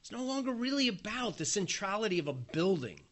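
A man preaching a sermon in a fairly high, bright and forceful voice. He tells the story in a lively way and chuckles now and then as he goes. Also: a little fast.

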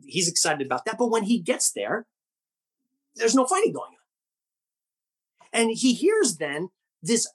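A male pastor delivers a sermon with a husky, slightly breathy voice. His pitch swings widely as he tells the story with animation and asks the listeners pointed rhetorical questions. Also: sing-song, slow pace, long pauses.

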